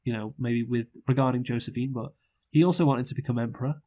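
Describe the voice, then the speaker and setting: A man's voice: mid-range voice, steady tone, quick pace, a little mellow. A man co-hosting a casual film review chat, rambling with many fillers and restarts and swearing freely. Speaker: podcast co-host, film reviewer.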